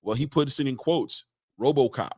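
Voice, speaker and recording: A man hosting a casual boxing live stream, reading out viewer comments and giving shout-outs in a loose, chatty way. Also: mid-range voice, normal speed, breathy edge, dry recording, studio quality. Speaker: boxing show host.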